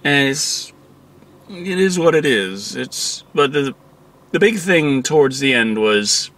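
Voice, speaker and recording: A man's voice: mid-range voice, animated, slow pace, a bit bright. A man giving a casual, profane movie review, exasperated and acting out quotes from the film.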